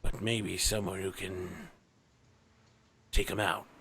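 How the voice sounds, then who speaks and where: A man voicing an old male dwarf crime-family patriarch who gives gruff, menacing orders. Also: low voice, level tone, slow, fairly bright tone, heavily acted. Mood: commanding, menacing.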